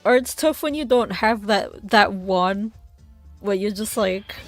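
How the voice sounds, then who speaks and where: Giggly young woman on a game stream, swears a lot, talks kinda slow. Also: medium pitch, faint music behind. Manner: giggly, animated, swears freely. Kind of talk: casual game stream chat.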